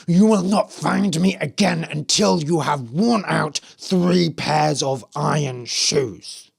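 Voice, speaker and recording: A storyteller voicing a cursed pig husband in a fairy tale, speaking slowly and angrily. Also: medium pitch, vocal fry, slightly rough, heavily acted. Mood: angry.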